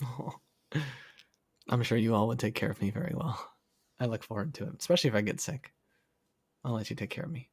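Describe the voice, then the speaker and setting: A young man chatting casually on a livestream, reading comments in a soft, affectionate way and laughing often. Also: mid-range voice, fairly quick, vocal fry, long pauses, breathy edge, no echo, studio quality. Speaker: streamer.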